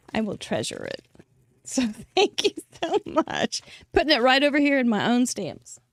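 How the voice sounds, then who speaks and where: A woman's voice: on the high side, dry recording, studio quality. A woman hosting a card-making show, chatting to viewers in a chatty, effusive way and laughing often. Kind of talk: casual chat to viewers.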